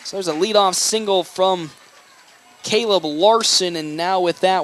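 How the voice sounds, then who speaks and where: Excitable high-voiced baseball announcer man. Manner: excitable, rising on big plays. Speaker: play-by-play announcer. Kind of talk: baseball play-by-play commentary.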